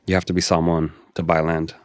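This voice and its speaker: A man's voice: deep voice, level tone, a little fast, smooth, no room sound, clean studio sound. A young man from Hawaii, a podcast guest talking in an earnest, heartfelt way, often restarting his sentences. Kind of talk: casual interview chat.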